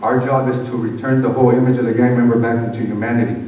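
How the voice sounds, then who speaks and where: A man telling his life story as a speaker at a conference, animated and acting out the people in it. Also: medium pitch, racing, highs cut off. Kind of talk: personal testimony speech. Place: conference hall. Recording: echoey hall, mic far off.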